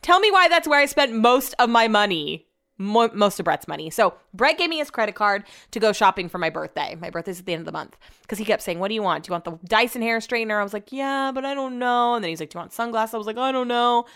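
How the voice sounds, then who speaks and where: A young woman podcast host rants in loose, casual chat, telling stories at a quick clip and swearing freely. Her pitch leaps up and drops low as she gets worked up, keeping her delivery animated.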